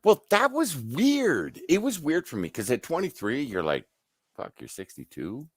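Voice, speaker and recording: This livestream host, a middle-aged man, speaks on the high side at a measured pace, with a breathy edge. He tells casual work stories full of profanity, animatedly acting out what others said, in clean studio sound without echo.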